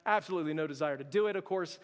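A male pastor preaches with a lively, humorous storytelling manner, sometimes sinking to a near-whisper for his own inner thoughts. His voice sits fairly high for a man. It rings out in a church hall with a long, trailing reverb. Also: rapid-fire. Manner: animated and humorous, drops to a hushed voice for quoted thoughts. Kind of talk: sermon with personal storytelling. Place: church sanctuary.

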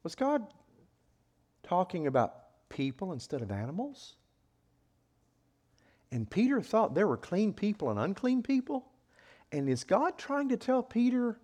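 A man delivers a sermon in a high, very lively voice. His pitch swings widely from line to line. He acts out quoted speech with sudden loud outbursts. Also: measured pace, long pauses. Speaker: preacher.

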